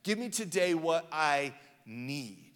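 Chatty pastor with a high voice in a hall. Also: male voice, big pitch swings, takes it slowly, fairly bright tone. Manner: conversational, joking storyteller with many fillers. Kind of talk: sermon. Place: church hall. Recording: long hall reverb.

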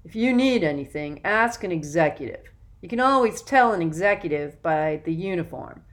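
A woman's voice: on the low side, expressive, moderate pace, natural voice. A woman voicing a smug, cruel young man who lords it over new kids in an audiobook. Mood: bossy. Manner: condescending, snapping.

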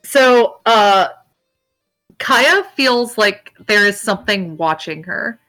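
A woman's voice: mid-range voice, animated, slow pace, sharp tone, faint music behind, poor audio. A woman narrating as game master, casual and chatty, with plenty of fillers. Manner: casual, filler-heavy narration with dog noises.

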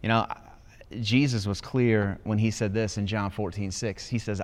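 A man preaching a sermon as pastor, telling stories with rising excitement. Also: on the low side, moderate pace. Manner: animated storytelling with rising excitement. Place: church auditorium.

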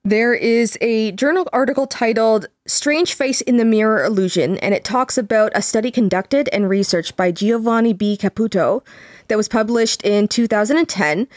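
A woman's voice: fairly high pitch, dry recording. Dry close-miked woman reading podcast notes. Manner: measured, reads quotes aloud with fillers. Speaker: podcast co-host. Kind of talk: casual podcast chat, reading from sources.

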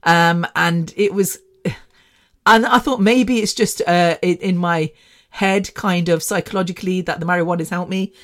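A woman's voice: fairly low pitch, steady tone, normal speed. A woman in her fifties hosting a podcast, telling a story in a rambling, chatty way with frequent laughter and the odd swear word. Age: 50s. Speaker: podcast host. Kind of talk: casual storytelling.

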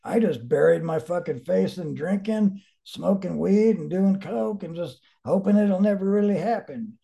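A man's voice: high-pitched, moderate pace, gravelly, warm tone. Blunt swearing man in his forties. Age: 40s. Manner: blunt, heavy swearing, emphatic. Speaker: interview guest. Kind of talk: candid personal storytelling.

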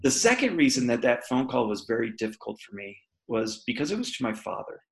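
A man's voice: mid-range voice, very animated, a little fast, vocal fry, rough recording. A man, a podcast guest, candidly telling a personal story in an interview, laughing often and acting out what people said. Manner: candid, laughs often, acts out quoted voices.

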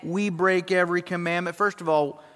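A man preaching a sermon as pastor, emphatic, swinging from loud to hushed and acting out quoted voices. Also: high-pitched, steady tone, moderate pace, big-room sound.

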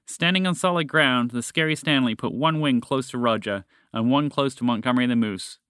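A man narrating a children's story in a gentle storybook manner, lifting his voice for the characters. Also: brisk, smooth, dry recording, clean studio sound. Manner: gentle storybook reading, raising his pitch for characters' lines.

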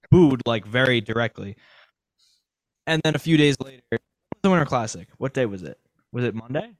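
Man, podcast co-host, rambling, speculative, dry close sound, mid-pitched voice. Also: no room sound. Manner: rambling, speculative, many fillers and restarts. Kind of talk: casual sports chat.

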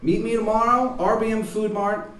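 A man voicing an overly polite, dead-serious male informant in a trench coat, with a bad imitation Baltimore accent and a loud, friendly manner. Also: high voice, fairly even intonation, normal speed, voice pushed up. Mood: earnest. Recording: echoey room, mic at a distance, faint noise.

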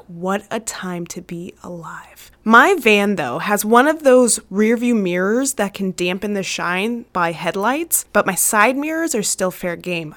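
A young adult woman hosting a casual solo podcast, ranting in a chatty, sarcastic, playful way into a studio mic. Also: medium pitch. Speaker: podcast host, ER travel nurse. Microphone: studio mic, new recording setup.

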